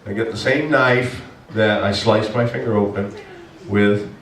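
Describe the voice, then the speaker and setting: A low-pitched male pastor preaches to his congregation, retelling a personal story with animated swings into exasperated shouting. He is recorded from a distance in a reverberant church sanctuary with a faint hiss underneath. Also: unhurried. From Maine. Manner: animated storyteller, bursts into loud exasperated shouts when quoting himself. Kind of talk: storytelling sermon. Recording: echoey church hall, from a distance, faint noise.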